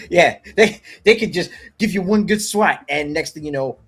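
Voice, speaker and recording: A man's voice: fairly high pitch, a little slow, a bit bright, slightly rough. A man co-hosting a fighting game stream, explaining controls and mechanics casually with many fillers and chuckles. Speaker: co-host. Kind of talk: casual gameplay chat.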